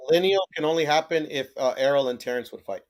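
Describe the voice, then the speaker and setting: A man with a slightly higher voice chats about boxing in a laid-back way. He swears freely and keeps tagging his lines with "bro", sounding easygoing and relaxed in his delivery. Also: quick pace, a crowd in the background. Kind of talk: casual chat.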